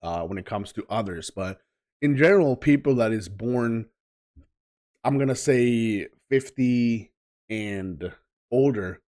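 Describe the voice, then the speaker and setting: A Swedish man with a Swedish accent and a fairly low voice gives casual reaction commentary. He is blunt and halting, with many fillers between his words. He speaks English as a second language. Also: darkish tone. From Sweden. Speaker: reaction channel host.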